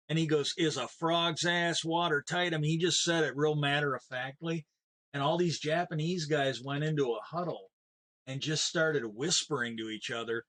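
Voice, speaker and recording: A man's voice: medium pitch, a bit bright. A man streaming a game, chatting casually with viewers and telling rambling stories full of folksy sayings. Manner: chats with viewers by name. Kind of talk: casual chat while gaming.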